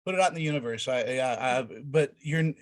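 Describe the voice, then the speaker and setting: A man's voice: on the high side, fast. A man hosting a celebrity interview, enthusiastic and stumbling over his words as he asks questions. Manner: enthusiastic, repeats words while searching for them. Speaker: interview host. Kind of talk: casual interview chat.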